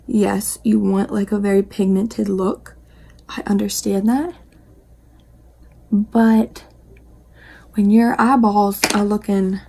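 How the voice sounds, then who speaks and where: A young woman talks her way through a makeup tutorial, chatty and rambling, often muttering quiet asides to herself. Her voice is husky and a little gravelly, with a mellow, dark tone. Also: medium pitch. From West Virginia, US. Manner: chatty, rambling, self-talk asides, drops into whispers. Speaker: beauty vlogger. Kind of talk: casual makeup tutorial chat.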